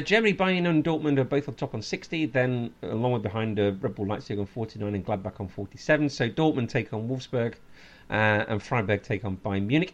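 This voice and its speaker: Man hosting a football podcast, chatty, filler-heavy, mid-pitched. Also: highs cut off. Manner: laughs often, many fillers, listing fixtures. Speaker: podcast host. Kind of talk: casual football chat.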